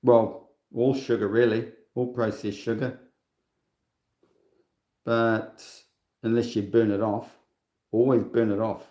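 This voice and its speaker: A man's voice: lowish voice, little pitch movement, slow pace, pauses often, mellow, reverberant. A man in his sixties hosting a livestream in a rambling, casual monologue, scornful and full of chatty asides. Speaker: livestream host.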